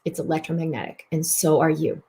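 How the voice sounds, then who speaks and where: A woman's voice: low voice, steady tone, a little fast, warm tone. A woman hosting a mind-body self-help broadcast. She talks expressively, repeats words for emphasis and slips into voicing inner thoughts. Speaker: host and physician.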